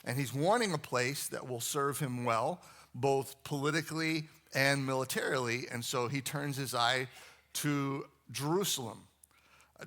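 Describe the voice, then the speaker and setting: A man's voice: on the high side, pushed and bright. A man who is a pastor, preaching a sermon in a conversational, storytelling way, with asides to the congregation.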